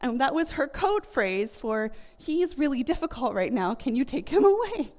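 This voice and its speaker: A woman's voice: high-pitched, very animated, normal speed, a little mellow. Chatty American woman giving a talk. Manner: chatty, many fillers like "like" and "you know". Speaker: speaker giving a family communication talk. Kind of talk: casual talk to an audience.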